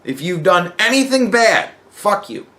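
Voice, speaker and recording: A man's voice: high voice, sing-song, a little slow, a bit bright. A man hosting a podcast who talks in a casual, profane monologue and acts out other people's replies. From United States. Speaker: podcast host.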